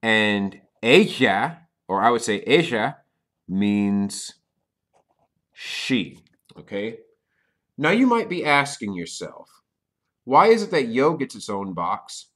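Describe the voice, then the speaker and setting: A man with a somewhat low voice explains a beginner language lesson. He talks patiently, checks in with "okay?" after nearly every point, and sometimes punches a key word out loud and high. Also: big pitch swings, slow, long pauses. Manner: stresses key words with sudden loud, high emphasis. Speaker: Spanish teacher.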